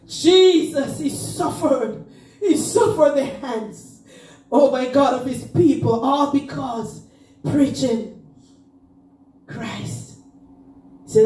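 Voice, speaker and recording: Her high, mellow voice moves slowly as this woman pastor delivers a Pentecostal sermon, fervently chanting and crying out in sung phrases that rise. The recording comes from a distance inside the church, spacious and roomy.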